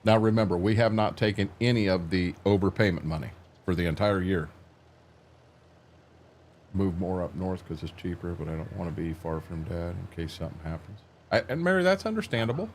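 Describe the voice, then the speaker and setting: Low-voiced older man chatting on stream. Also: expressive, brisk, darkish tone, a little hiss or hum. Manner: rambling, repeats words while thinking; plainspoken, folksy. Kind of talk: casual live-stream chat.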